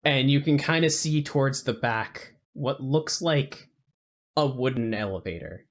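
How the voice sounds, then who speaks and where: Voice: medium pitch, measured pace. A game master narrating a tabletop game in a loose, rambling way, full of "like" and casual swearing.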